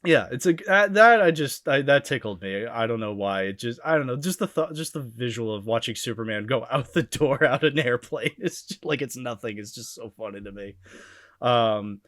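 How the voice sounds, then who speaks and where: A man's voice: medium pitch, expressive, moderate pace, a bit bright, dry recording, clean studio sound. A man chatting casually on a podcast about old cartoons, laughing often and restarting his sentences. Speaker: podcast panelist.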